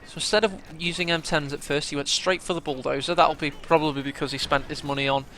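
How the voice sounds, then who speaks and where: Bright-voiced male game caster. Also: on the high side, fast talker, slight background noise. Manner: chatty play-by-play, bursts of excitement at big moments. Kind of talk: strategy game commentary.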